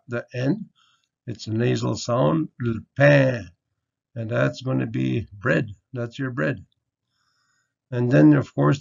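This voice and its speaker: A man teaching word sounds in an online lesson, explaining slowly and patiently in a folksy, easygoing way. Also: medium pitch, gravelly. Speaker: language teacher. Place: home or office, virtual conference. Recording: muffled lo-fi audio.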